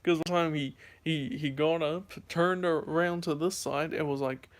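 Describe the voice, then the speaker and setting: Young male vlogger, tired, higher-pitched, rambling casual storyteller. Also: steady tone, measured pace. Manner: rambling, many fillers and restarts. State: sleepy.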